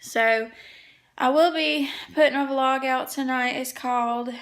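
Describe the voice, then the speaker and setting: A woman tells a story to her viewers at an unhurried pace. Her voice is gravelly with plenty of vocal fry and pitched a little high. She keeps it chatty and casual, like a home cleaning vlog. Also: fairly even intonation. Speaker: vlogger.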